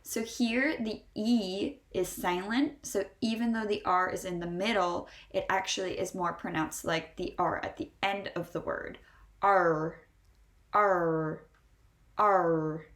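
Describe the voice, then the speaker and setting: A woman with a Northeastern American accent teaching English pronunciation, sounding out model words slowly and repeating each one. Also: mid-range voice, fairly even intonation, reverberant. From Northeastern United States. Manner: slow, drawn-out model words repeated three times. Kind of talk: pronunciation lesson.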